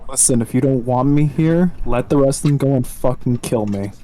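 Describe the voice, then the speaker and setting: A man playing a bitter, defiant dragonborn paladin held in chains, talking in a slow, bitter, pleading way. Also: medium pitch, mellow, natural voice.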